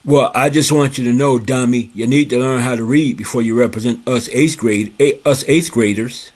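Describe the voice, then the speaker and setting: A man voicing a taunting schoolboy bully in his story, with a husky, unpolished voice. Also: medium pitch, normal speed, a little mellow, close to an everyday voice. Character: rude boy in eighth grade, a bully.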